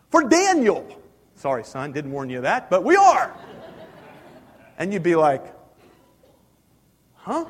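A man in his forties preaching a sermon in a church, talking casually with the congregation and asking them questions. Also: high-pitched. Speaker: pastor. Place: church sanctuary. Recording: hall reverb.

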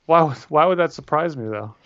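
A man's voice: fairly high pitch, expressive, brisk, a bit bright, smooth, no echo. Wry rambling man, lo-fi dry audio. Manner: rambling, self-correcting, wry. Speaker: podcast co-host. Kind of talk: casual chat. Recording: dull lo-fi audio.

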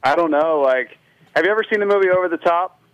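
A man's voice: fairly high pitch, fast, fairly bright tone, dry recording, dull audio. A man from Florida, a guest racer, chatting casually in laid-back slang. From Florida, USA. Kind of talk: casual interview chat.

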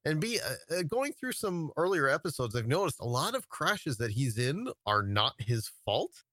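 A man's voice: a little high, big pitch swings, normal speed, fairly bright tone, no echo. A man talking casually as a podcast guest over a video call, hesitant and full of fillers and restarts. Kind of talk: casual chat.

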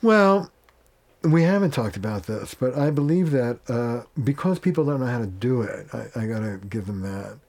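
A man with a mellow, warm-toned voice talks as a family therapist being interviewed. He is plain-spoken and casual, and he slips into quoted lines of dialogue to make his points. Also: medium pitch, animated, normal speed. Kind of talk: conversational interview.

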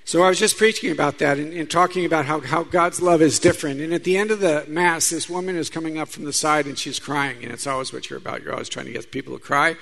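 Gravelly priest giving a lively sermon. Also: male voice, on the high side, fast talker, few pauses. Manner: conversational preaching with stories and asides to the audience. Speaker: Catholic priest.

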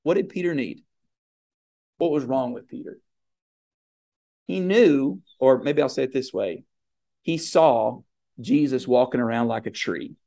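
A man's voice: medium pitch, gravelly, warm tone. A man preaching a communion sermon in an earnest, emphatic way, with fillers and restarts.

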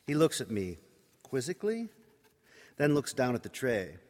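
A man's voice: medium pitch, big pitch swings, normal speed, a little mellow. A man preaching by telling a personal story in a wry, conversational, self-mocking way. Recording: reverberant hall.

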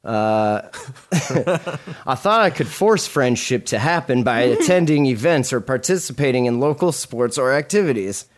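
A man co-hosting a casual podcast, reading articles aloud and dropping crude deadpan jokes between passages. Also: medium pitch, unhurried. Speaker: podcast co-host.

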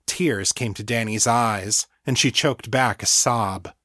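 Guy reading his audiobook, steady and measured, mid-pitched, dry close sound. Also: no room sound. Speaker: audiobook narrator and author. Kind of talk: scripted audiobook narration.

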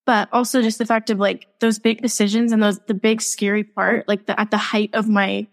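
A woman's voice: medium pitch, flat delivery, a little fast. A young woman speaking candidly as a podcast guest, laughing often and filling her talk with "like". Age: young adult. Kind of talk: casual podcast interview.

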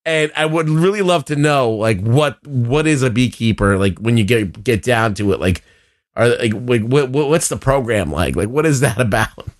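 A man's voice: mid-range voice, animated, normal speed. A man chatting casually about a movie on a podcast, rambling, swearing freely and peppering his talk with filler words. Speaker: podcast co-host. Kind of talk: casual movie review chat.

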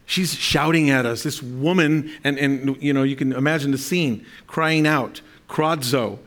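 This pastor has a mid-range, fairly bright voice and speaks at a moderate pace in a steady tone. Preaching to his congregation, he reads and explains scripture, often restarting sentences and asking for amens.

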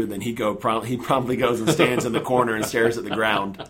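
A man earnestly retelling a personal story in a relaxed conversation, acting out the lines of the people in it. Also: fairly low pitch, moderate pace, few pauses. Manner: earnest, animated retelling with acted-out quotes. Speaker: guest telling his story.

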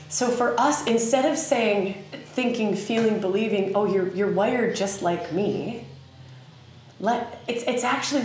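A chatty woman with a light Southern US accent, hosting her own podcast in an easy, animated teaching manner. She fills her speech with ums. The room around her rings with heavy echo over a faint ambient hiss. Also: medium pitch. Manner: animated, chatty, many fillers. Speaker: podcast host. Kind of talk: casual spoken teaching monologue.

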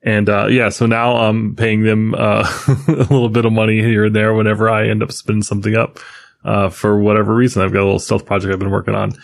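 A man's voice: on the low side, little pitch movement, a little fast, creaky, no echo. A man co-hosting a casual tech podcast, chatting and laughing as he rambles about his projects. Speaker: podcast co-host.

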